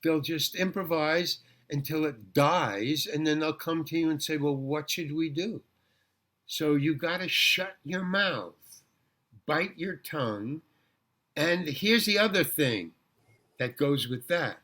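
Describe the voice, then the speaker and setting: An older man, a guest actor, casually telling rambling anecdotes in an interview, with halting restarts and repeated words. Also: on the high side, pushed and bright.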